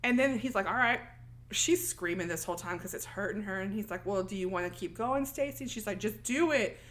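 A woman's voice: mid-range voice, brisk, fairly bright tone, a little hiss or hum. A woman co-hosting a podcast, casually recapping a film and acting out the characters' lines. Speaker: podcast co-host.

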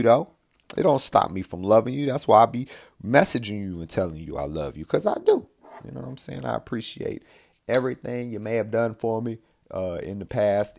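Gravelly, swearing man ranting. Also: sits low, darkish tone, a little hiss or hum. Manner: profane, blunt, repeats himself. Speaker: podcast host. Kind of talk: casual rambling monologue.

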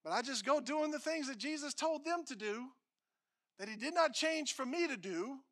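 A male pastor delivers a sermon in a high, ringing voice. He drives points home with repetition and swings from forceful declarations to quiet, hushed asides. The delivery is bright and insistent. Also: lively intonation, normal speed. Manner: emphatic preaching, repeating phrases, swings from loud to hushed.

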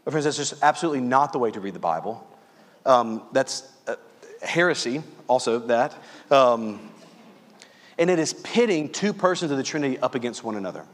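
A man from Louisiana preaching a sermon as pastor, earnestly calling his listeners friends and slowing down on key phrases. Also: mid-range voice, animated, in a large hall.

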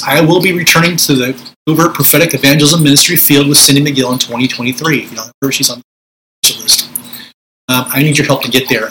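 A man's voice: medium pitch, a bit bright, a little hiss or hum, poor audio. A middle-aged man, a Pentecostal minister, teaching spiritual warfare in a conversational preaching style, acting out prayers in a commanding voice.

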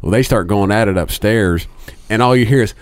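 A man in a casual podcast chat, telling profane and animated stories to his friends. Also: on the low side, fairly quick, clean tone.

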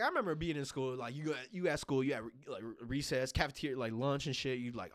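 Young male co-host, loose and profane storyteller, mid-pitched, dry room. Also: fast talker, few pauses, dry recording. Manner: profane, rambling storyteller, lots of fillers. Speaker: podcast co-host. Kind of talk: casual chat.

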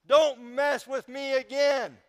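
A man voicing an indignant male prophet who loudly scolds and lectures a king. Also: extremely high pitch, flat delivery, slow pace, pitched above the performer's own voice. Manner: loud, scolding, boastful.

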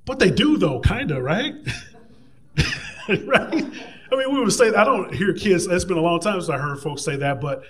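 Male preacher, slightly high voice, conversational and lively sermon delivery. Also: moderate pace, husky. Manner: conversational and animated, playful mock voices for hecklers.

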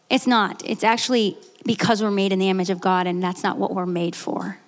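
A woman in her late thirties giving a candid, earnest personal testimony, with restarts and quick laughs. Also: medium pitch, fairly even intonation. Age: 30s. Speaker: guest speaker. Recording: echoey hall.

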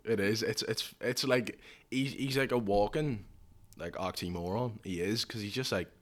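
A man's voice: lowish voice, normal speed. Rambling young man. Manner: rambling, heavy use of "like", swears freely. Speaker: podcast host. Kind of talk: casual chat.

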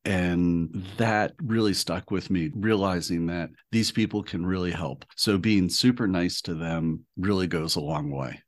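A man co-hosting a podcast in a relaxed, easygoing casual chat. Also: sits low, a little slow, few pauses. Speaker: podcast co-host.

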